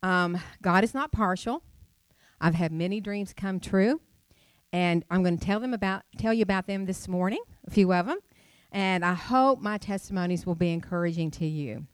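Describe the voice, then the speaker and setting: A woman's voice: lowish voice, moderate pace, clear, resonant tone, no echo, clean studio sound. A middle-aged woman preaching a sermon, chatty and storytelling, with rhetorical questions.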